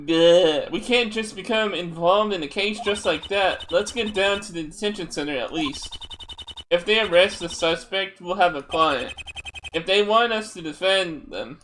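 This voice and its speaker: A man's voice: sits high, moderate pace, a bit bright, slight background noise. A man voicing a cautious young male defense attorney, hesitant and worried, while reading a fan game aloud.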